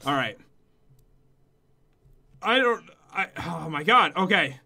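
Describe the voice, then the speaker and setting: A young man in casual, playful gaming chat as co-host, goofy and quick to laugh. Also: fairly high pitch, expressive, creaky, pushed and bright.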